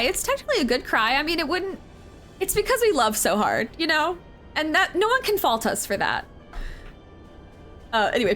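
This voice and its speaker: A young woman streaming a game, chatting casually, excitable, giggly and emotional. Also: high-pitched.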